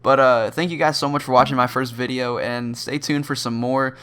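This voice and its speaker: A teenage boy vlogger telling a story from school in a rambling, casual way, full of fillers and the occasional panicked, high-pitched reenactment. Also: fairly even intonation, normal speed, fairly bright tone, clear, resonant tone. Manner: acts out his own panicked reactions in sudden high bursts. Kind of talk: storytime vlog.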